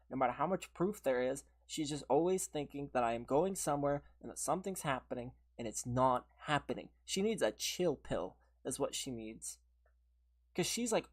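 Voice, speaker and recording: Woman streamer with a low voice, casual and exasperated, lots of "like". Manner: venting, exasperated, heavy use of "like". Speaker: livestream gamer. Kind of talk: casual livestream chat.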